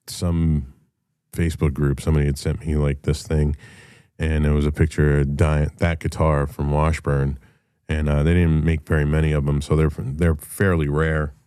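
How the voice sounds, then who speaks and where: Middle-aged man, very deep and dark voice, dry sound, blunt and profane solo talk. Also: level tone, moderate pace, clear, resonant tone, no echo. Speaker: show host and rock musician. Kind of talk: casual solo monologue.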